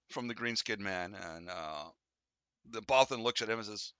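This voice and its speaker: A man in the game master's seat, talking through the scene with lots of "uh"s and restarts. His voice is bright and forward, and it sounds close and dry with no room around it. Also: lowish voice, normal speed, clear, resonant tone, no echo. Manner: rambling, full of fillers and restarts, voices the figures lightly. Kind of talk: narrating a tabletop game.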